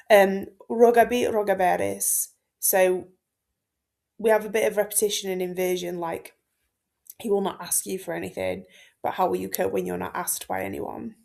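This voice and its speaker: A woman's voice: mid-range voice, creaky, a little mellow. A woman, a Latin teacher talking through a poem line by line for exam students in a chatty, informal way, with lots of fillers. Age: 30s. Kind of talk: exam-focused text explanation.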